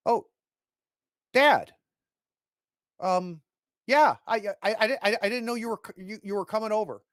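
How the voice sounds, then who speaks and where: A man's voice: medium pitch, slow pace, a bit bright, smooth, no echo, studio quality. A man doing a stammering, frightened young son. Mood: nervous. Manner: stuttering, hesitant, filler-heavy.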